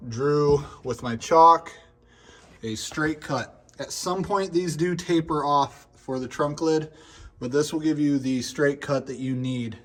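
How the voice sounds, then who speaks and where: A hoarse young man filming on his phone in a garage, casually explaining his work step by step and swearing now and then. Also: fairly high pitch. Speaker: car builder explaining his project. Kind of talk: casual how-to narration.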